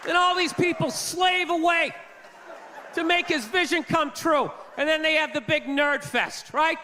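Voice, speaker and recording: High-pitched guy ranting through a stand-up set, punchy forceful delivery, yells a lot. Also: unhurried, a faint crowd, a little hiss or hum. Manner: ranting, incredulous, bursts into shouting. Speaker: stand-up comedian. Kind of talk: stand-up routine. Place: comedy stage before a live audience.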